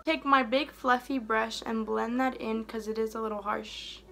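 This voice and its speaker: A young woman chatting casually while doing her makeup for a beauty vlog, rambling and trailing off softly mid-thought. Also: fairly high pitch, fairly even intonation, normal speed, vocal fry, slight background noise. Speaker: beauty vlogger. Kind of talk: casual get-ready-with-me chat.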